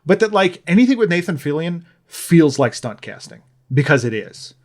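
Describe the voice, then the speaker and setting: A man's voice: on the high side, big pitch swings, normal speed. A man co-hosting a podcast, talking in a rambling, sardonic way with lots of fillers and restarts. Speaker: podcast co-host. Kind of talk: casual chat.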